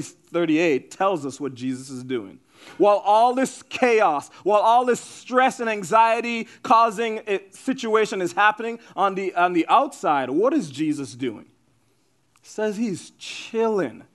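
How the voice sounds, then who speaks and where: A male pastor with a fairly high voice delivers a lively sermon. He talks casually, with slang and fillers, and shifts between loud, excited storytelling and soft, drawn-out emphasis.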